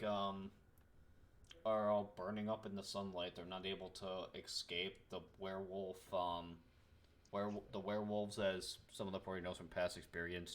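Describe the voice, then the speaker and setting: A man narrating as game master of a tabletop game on a voice call, loose and full of fillers. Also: low-pitched.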